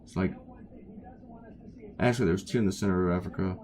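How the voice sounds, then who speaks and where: A man's voice: low-pitched, a little fast, a little mellow. A tired man from the United States, a cartoonist chatting casually and rambling off topic while he draws. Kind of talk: casual chat while drawing.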